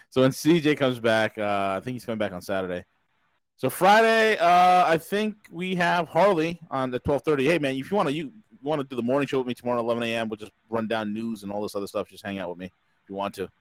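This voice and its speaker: A man's voice: medium pitch, fast talker, no room sound, rough recording. Jokey male podcast host, dry close mic. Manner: jokey, rambling, laughs at his own gags. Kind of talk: casual joking live-stream chat.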